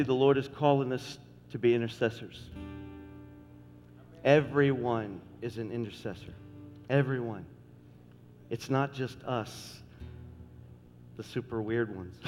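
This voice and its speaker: A man's voice: mid-range voice, darkish tone, big-room sound. A middle-aged man preaching a sermon as pastor, folksy and joking, repeating phrases for emphasis.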